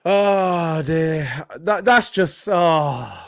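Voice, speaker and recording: A man's voice: a little high, lively intonation, extremely slow, a little hiss or hum. A young man ranting in exasperation as a football channel host, repeating himself in disbelief. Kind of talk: ranting vlog commentary.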